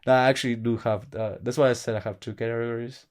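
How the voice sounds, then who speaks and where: A man's voice: mid-range voice, steady tone, fast talker, a little mellow. A man co-hosting a podcast, chatting casually, joking and swearing with frequent laughter. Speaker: podcast co-host. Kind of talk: casual chat.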